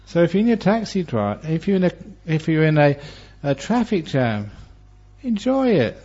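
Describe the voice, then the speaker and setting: A man who is a Buddhist monk teacher, giving a Dharma talk and telling stories with humor and lively, varied delivery. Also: on the high side, normal speed. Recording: dull lo-fi recording.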